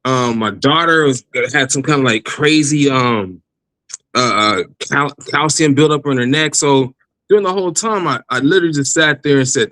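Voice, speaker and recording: A man telling his personal faith testimony in a casual interview, animated, laughing often and restarting his sentences. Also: medium pitch, moderate pace, dry recording, rough recording. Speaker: guest giving testimony.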